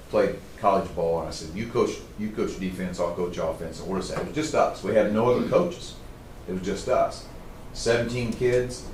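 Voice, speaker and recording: A middle-aged man telling stories to a live audience as a trainer, in a casual, animated way. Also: lowish voice, a little hiss or hum. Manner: casual, animated storytelling, says "man" often. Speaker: trainer speaking to a group. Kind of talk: storytelling talk to a live audience. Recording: roomy, distant mic.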